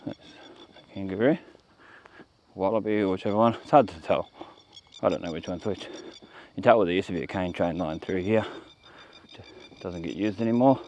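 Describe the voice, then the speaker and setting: A low-pitched Australian man walks a rural roadside, filming on a camera he carries while offering rambling, off-the-cuff commentary that trails off mid-sentence. He speaks at a moderate pace with long pauses, in a darkish tone. The highs are cut off, and there's a little hiss or hum.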